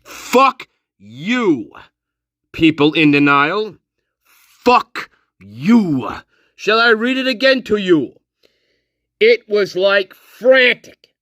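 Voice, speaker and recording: Guy ranting on his stream, super slow and sarcastic, dry close sound. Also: high-pitched, bright, forceful tone, no echo. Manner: slow, mocking, profane rant, reading and repeating a statement. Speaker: channel host. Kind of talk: livestream commentary.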